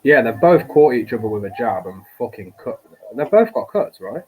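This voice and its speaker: A man's voice: mid-range voice, very animated, moderate pace, darkish tone. A man with a Scottish accent, co-hosting a casual chat while watching a live fight, swearing freely and rambling. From Scotland. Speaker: podcast co-host. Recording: noisy background hiss.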